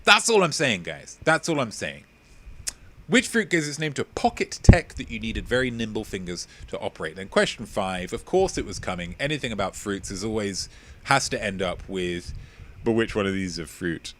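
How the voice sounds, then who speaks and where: A man hosting a live-streamed quiz, playful and mock-pompous as he chats with viewers. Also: moderate pace. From England. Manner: playful, mock-pompous, lively swings in pitch. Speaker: quiz host.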